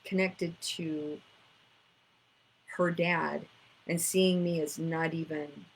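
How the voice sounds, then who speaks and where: A woman's voice: low-pitched, fairly even intonation, takes it slowly, slight background noise, poor audio. A woman, teaching about inner child work in a casual storytelling way, acting out conversations. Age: 50s.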